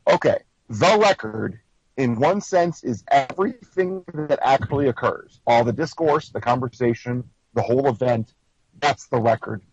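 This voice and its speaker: A man's voice: mid-range voice, moderate pace, a little mellow, slightly rough, dry recording. An American man leading a casual group discussion, explaining things emphatically and acting out quotes in mock voices. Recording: dry, slightly dull lo-fi recording.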